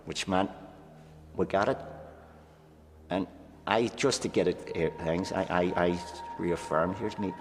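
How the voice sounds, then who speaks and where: A man's voice: low-pitched, steady tone, a little slow, long pauses. A man, a former prisoner, earnestly recounting his memories in an interview, often adding "here" and "right?". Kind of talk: recollection in interview. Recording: long hall reverb, faint music.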